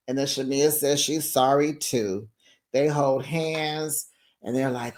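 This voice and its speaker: A man's voice: on the high side, unhurried. Sassy man recapping reality TV. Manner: sassy, animated, acts out quotes. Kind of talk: casual commentary recap.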